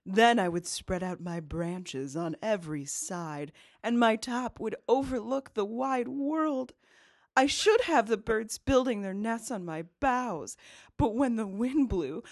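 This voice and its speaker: Woman doing a cute helpless tree, soft n adorable, bouncy pitch, dry close sound. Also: lively intonation, a little slow, no echo. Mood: coy.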